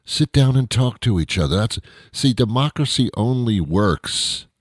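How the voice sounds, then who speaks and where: A man's voice: medium pitch, animated, a little slow, slightly rough, no room sound, clean studio sound. An American man hosting a radio show, delivering a sarcastic, exasperated comedic monologue.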